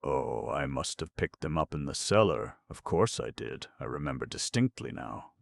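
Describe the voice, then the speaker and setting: Plucky young king in a storybook, gravelly and very low, as read by a man. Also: sing-song, normal speed, full character voice. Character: brave young male king, plucky and frank.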